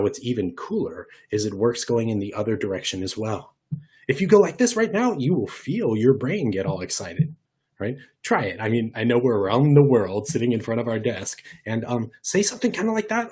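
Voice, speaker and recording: A man with a low, husky voice leads an online workshop. He talks in a lively, conversational way, asking the audience questions and jumping his voice around to demonstrate points. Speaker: workshop presenter.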